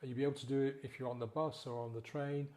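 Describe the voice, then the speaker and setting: A man guiding a slow, gentle breathing exercise as a sobriety coach, counting the breaths in a soothing way. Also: mid-range voice, steady tone.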